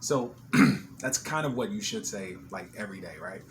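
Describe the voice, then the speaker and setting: A man's voice: lowish voice, moderate pace, slight background noise. Shaken man telling a kitchen fire story. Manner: animated, swearing, laughing retelling. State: shaken after a scare. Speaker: vlogger. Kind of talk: casual storytelling vlog. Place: apartment kitchen, smoky.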